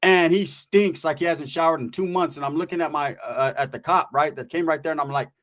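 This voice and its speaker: Rapid-fire storytelling guy from norcal, slightly high voice, cussing and doing all the voices. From Northern California. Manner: animated, profane, acts out the voices of the people in his story. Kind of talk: casual storytelling.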